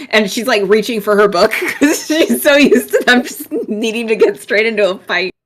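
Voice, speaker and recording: A woman's voice: a little high, normal speed, hardly any pauses. A woman in a tabletop game narrating her character's actions in a casual, rambling way, full of fillers, laughing and the odd swear word. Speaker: player.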